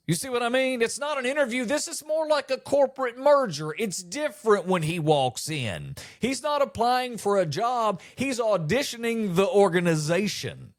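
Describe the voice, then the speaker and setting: A middle-aged man hosting a comedy podcast, delivering an animated monologue and acting out quotes with mock disbelief. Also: very high voice, normal speed, hardly any pauses.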